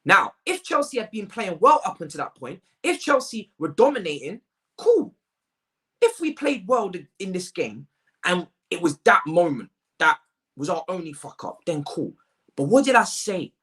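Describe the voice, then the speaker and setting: A man's voice: high voice, very animated, normal speed, fairly bright tone. An exasperated man rants his way through a football review. He hammers his points home by repeating himself and leans on street slang. He speaks close to the mic. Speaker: football fan channel host. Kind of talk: ranting match review to camera.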